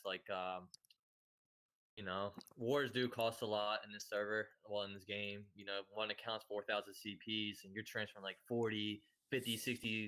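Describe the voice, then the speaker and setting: Chill guy guesting on a podcast, lowish voice, earnest, says "like" and "you know" a lot. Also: pushed and bright. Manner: earnest, repetitive, easygoing, heavy use of "like" and "you know". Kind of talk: casual chat about an online game.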